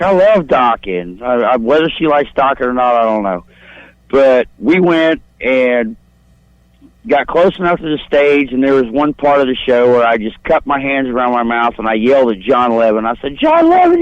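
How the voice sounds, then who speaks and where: A man's voice: mid-range voice, moderate pace, dry recording. A man calling in to a radio talk show, telling a long profane story in a crude, rambling, boastful way. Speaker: caller. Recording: dull lo-fi phone line.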